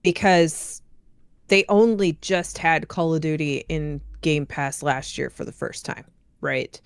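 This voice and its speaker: Female guest commentator, lowish voice, dry close sound, thinks aloud and hedges often. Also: steady tone, slow, clear, resonant tone, dry recording. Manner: thoughtful, hedging, lots of "like" and "right?". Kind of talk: casual discussion.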